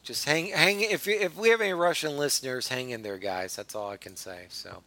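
A man hosting a loose comedy podcast, his voice sitting a little high. He is blunt, swears freely and laughs easily. The sound is dry and close-miked. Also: normal speed, bright, forceful tone, no echo. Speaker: podcast host. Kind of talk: casual comedy podcast chat.

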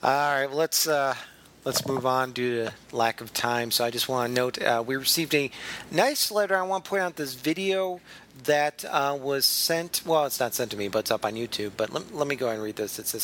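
A chatty man runs a casual comedy podcast with a voice of ordinary pitch. He reads listener letters aloud and laughs easily between stories. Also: moderate pace, fairly bright tone. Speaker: podcast host.

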